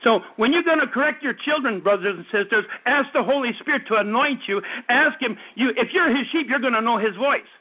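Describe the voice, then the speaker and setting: High-voiced preacher man in his fifties. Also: animated, brisk, few pauses, husky. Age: 50s. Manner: fervent, repetitive preaching with stammered restarts. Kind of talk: radio sermon. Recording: tinny phone-like radio broadcast.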